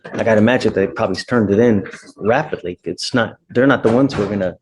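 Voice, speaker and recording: A man's voice: on the low side, fast. A man presiding as a judge over a courtroom docket, talking casually and informally from the bench.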